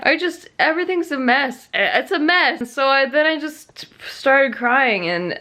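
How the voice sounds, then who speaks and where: A young woman talks straight to the camera from her home in a rambling, self-deprecating vlog style. Her voice sits a little low for a woman, and she keeps dropping in "like" as she vents. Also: fairly bright tone. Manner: rambling, self-mocking venting with frequent "like". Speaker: vlogger. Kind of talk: casual vlog chat.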